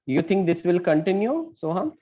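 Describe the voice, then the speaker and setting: A man's voice: sits high, very animated, moderate pace, dark tone, a little hiss or hum. A man teaching an online class, asking questions and explaining step by step. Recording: muffled lo-fi call audio.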